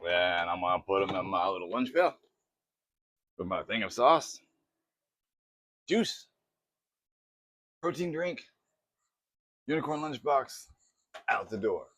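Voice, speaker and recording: A man chatting through a casual cooking demo in his home kitchen, excitable and poking fun at himself. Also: fairly low pitch, slow pace, long pauses, dry recording. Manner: chatty, excitable, self-mocking. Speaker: cooking vlogger.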